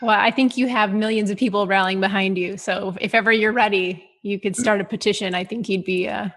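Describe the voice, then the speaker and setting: A woman's voice: medium pitch, fairly even intonation, fairly quick, a bit bright. A woman hosting a podcast interview, asking questions in a supportive, encouraging way. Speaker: podcast host. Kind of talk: casual interview chat.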